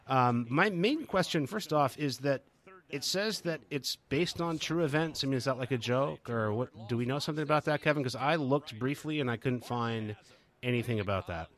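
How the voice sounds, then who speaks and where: A man's voice: mid-range voice, normal speed. A man co-hosting a podcast, talking casually in a wry, questioning way. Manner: wry, questioning, hesitant with fillers. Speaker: podcast co-host. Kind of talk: casual chat.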